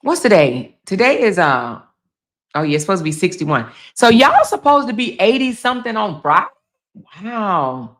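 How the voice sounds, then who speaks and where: A woman's voice: mid-range voice, sing-song, moderate pace, a bit bright. A woman from Chicago hosting a casual livestream from home, reading out chat comments and reacting in an emphatic, chatty way, swearing freely and calling viewers baby and girl. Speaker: blogger and livestream host. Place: home, indoors.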